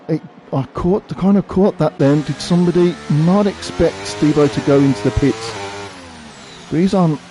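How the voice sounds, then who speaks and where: A man's voice: on the high side, mellow. A man giving live, chatty commentary on a sim-racing event, thinking aloud as he watches. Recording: faint background noise.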